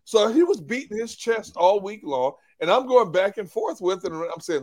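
A man with a somewhat high voice, analyzing a game on a post-game show. He talks in an animated way, repeats his words and acts out what others said. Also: normal speed, hardly any pauses. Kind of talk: casual sports talk.

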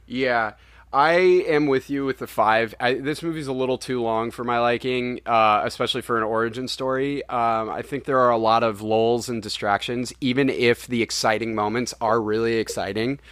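A man's voice: mid-range voice, normal speed, dry recording. A young man, the podcast host, reviewing a film in casual, rambling chat and swearing freely. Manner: animated, profane, rambling.

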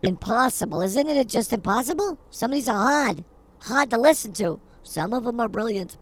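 A woman's voice: on the high side, animated, moderate pace. A woman co-hosting a comedy podcast, feisty and mock-combative in her banter. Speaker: podcast co-host.

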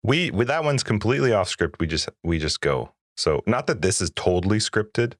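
Man, very low voice, laid-back, joking, podcast host, dry close mic. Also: animated, moderate pace, dry recording. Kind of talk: casual chat.

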